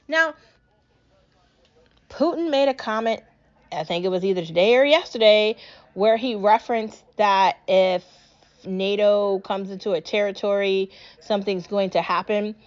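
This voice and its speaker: A woman's voice: mid-range voice, moderate pace, dull audio. A young woman from New England hosting a solo podcast, ranting angrily and swearing a lot. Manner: angry, profane, ranting. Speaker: podcast host. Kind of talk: solo political rant podcast.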